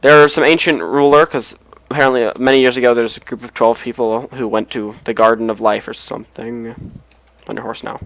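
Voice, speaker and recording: Tired, gravelly-voiced man rambling. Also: medium pitch, fairly even intonation, a little fast, fairly bright tone, no echo, poor audio. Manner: rambling, mumbling asides. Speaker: let's play host. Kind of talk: casual game commentary.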